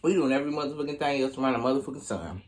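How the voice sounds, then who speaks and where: In a storytime mukbang, a young man with an Oklahoma accent eats and talks to camera in a rapid-fire, darkish voice. The vlogger's delivery is laid-back, slangy and thick with profanity, with his pitch jumping as he acts out his irritation.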